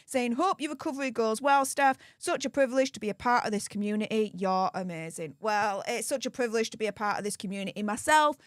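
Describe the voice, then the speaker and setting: A woman's voice: high voice, fairly bright tone, dry recording, studio quality. A young woman with a Yorkshire accent, chatting upbeat on a live stream and thanking supporters by name. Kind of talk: casual live-stream chat.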